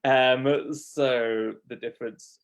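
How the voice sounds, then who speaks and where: A man's voice: medium pitch, steady tone, takes it slowly, dull audio. A man with a Received Pronunciation accent, a guest on a live accent Q&A, explaining in a thoughtful, hesitant way. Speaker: guest coach. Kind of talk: live Q&A session.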